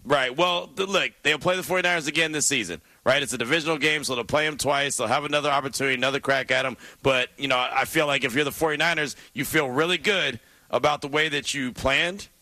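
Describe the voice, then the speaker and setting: Man, sports talk host, casual chat, emphatic, bright tone, dry close sound. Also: mid-range voice, no room sound. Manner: brisk, conversational, emphatic.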